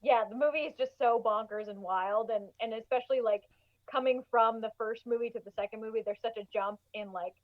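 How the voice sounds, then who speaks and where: A woman's voice: fairly high pitch, fairly even intonation, a little fast, dry recording, narrow, tinny audio. A woman as a guest on a casual horror movie podcast, giggly and chatty with many fillers. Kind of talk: casual chat.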